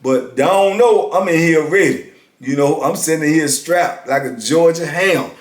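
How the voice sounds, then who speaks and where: Male storyteller, 50s, slightly raised pitch, emphatic and repetitive, roomy sound. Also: measured pace. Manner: emphatic, repeats lines for weight. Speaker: storyteller recounting prison life. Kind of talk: casual storytelling. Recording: roomy echo.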